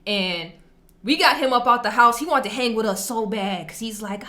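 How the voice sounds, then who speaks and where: A woman's voice: a little high, moderate pace, pushed and bright. A young adult woman telling a story and reacting to posts in a casual, slangy and emphatic way. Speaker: vlogger reacting to online posts.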